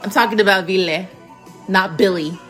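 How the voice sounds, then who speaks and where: A woman talks alone on her podcast in a loose, jokey ramble, cursing freely as she jumps from topic to topic. Her voice sits at an ordinary middle pitch, and she keeps breaking off to give shout-outs to her listeners. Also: normal speed, faint music behind. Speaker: podcast host. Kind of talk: casual monologue.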